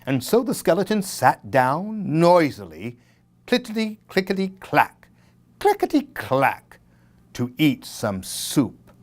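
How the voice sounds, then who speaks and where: A male children's librarian reading a Halloween story aloud. He reads slowly and deliberately, drawing out words, and his voice rises and falls dramatically from line to line. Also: on the high side, wildly swooping pitch.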